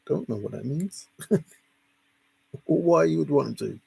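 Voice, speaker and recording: A man reads out viewer comments and chats back to them, his voice rough with fry and a husky edge. The sound is dry and close. He rambles along casually, chuckling and teasing his audience. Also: fairly high pitch, animated, measured pace, long pauses, warm tone, no echo. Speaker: livestream host. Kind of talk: casual livestream chat, reading viewer comments aloud.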